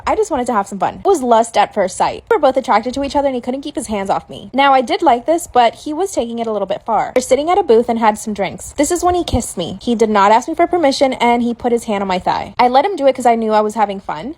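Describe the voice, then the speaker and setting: A woman narrating a submitted storytime at a quick, steady reading pace. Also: a little high.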